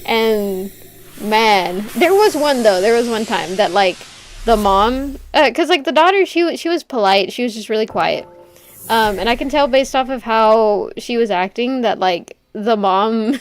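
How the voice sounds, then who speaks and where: Ranting high-voiced woman streamer. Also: expressive, normal speed, slight background noise. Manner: ranting, swearing, laughing. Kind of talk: casual chat while gaming.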